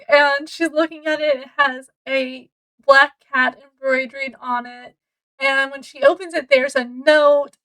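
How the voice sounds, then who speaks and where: A woman with a high voice talks through a book she has read in a relaxed, unhurried way. She is chatty and laughs a lot as she retells it. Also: poor audio. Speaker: book reviewer. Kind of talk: casual chat.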